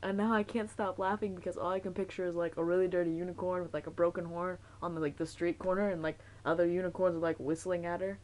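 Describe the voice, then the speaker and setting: A woman's voice: fairly low pitch, level tone, fast, few pauses, a little mellow, low-quality recording. Rambling, giggly young woman vlogger. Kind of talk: casual chat.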